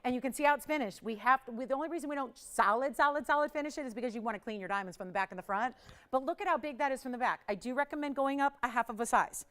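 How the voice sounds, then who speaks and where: A woman hosting a live jewelry shopping show, pitching pieces with enthusiastic, emphatic selling and repeated phrases. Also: rapid-fire, fairly bright tone.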